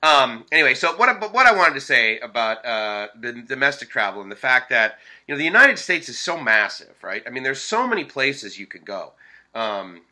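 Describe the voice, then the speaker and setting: A man from the Boston area chats straight to camera in a casual vlog, full of "uh" and "you know" and sentences he restarts. His voice is very bright and forceful, at a middle pitch. He springs into lively voices when he quotes other people. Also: moderate pace, low-quality recording. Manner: rambling, with many fillers and self-corrections; animated quoted dialogue. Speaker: vlogger.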